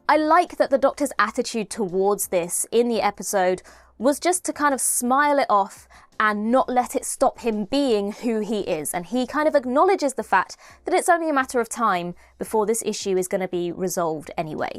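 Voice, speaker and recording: A woman's voice: medium pitch, dry recording. A woman giving a chatty, enthusiastic spoken review of a TV episode, often restarting her phrases. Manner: enthusiastic, chatty, frequent self-corrections.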